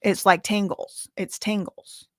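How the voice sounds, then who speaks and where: A woman hosting a stream, reading court transcript quotes aloud with animated exclamations. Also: mid-range voice, a little slow, no room sound, studio quality. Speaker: commentary host.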